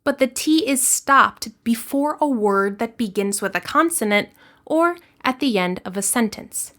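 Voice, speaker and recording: An American woman teaching English, her voice sitting a little high. She takes her time over every word and lays out each point clearly and deliberately in a scripted lesson. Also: expressive, fairly bright tone.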